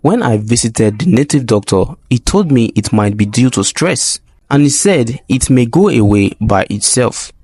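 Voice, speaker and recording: A worried village father, lamenting over his sick daughter's bed, as a male storyteller puts him on. He questions in a lively, rising and falling voice. The recording is close and dry. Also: mid-range voice, moderate pace, few pauses, breathy edge, dry recording. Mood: stern. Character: anxious grieving father, village man.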